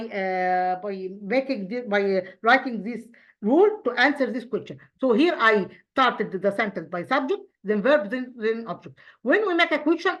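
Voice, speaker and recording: Halting woman teaching a children's English lesson. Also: a little high, fairly bright tone. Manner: halting, many fillers and restarts, explaining step by step. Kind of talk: primary school English lesson.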